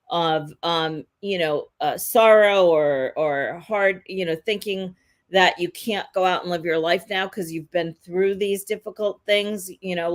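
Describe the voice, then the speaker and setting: A woman co-hosting a live psychic reading, rambling and hesitant with many fillers. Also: on the low side. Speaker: psychic co-host.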